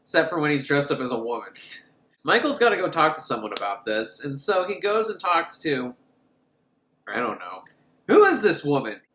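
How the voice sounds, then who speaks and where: A man's voice: fairly high pitch, sing-song, moderate pace, fairly bright tone. A man giving a rambling, comic movie recap, laughing often as he goes. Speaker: film reviewer. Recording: roomy room echo.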